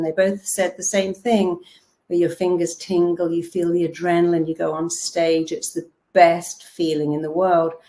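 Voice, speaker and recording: A woman, a therapist giving a lively motivational talk and acting out quotes as she tells stories. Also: lowish voice. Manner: lively storytelling with acted-out quotes. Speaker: therapist and self-help speaker.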